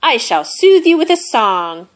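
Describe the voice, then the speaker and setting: A woman's voice: high-pitched, sing-song, a little slow, voice pushed up. A woman doing a chirpy, cheerful little mouse. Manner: bright, chirpy, eager to help. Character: small, cheerful, bustling male mouse.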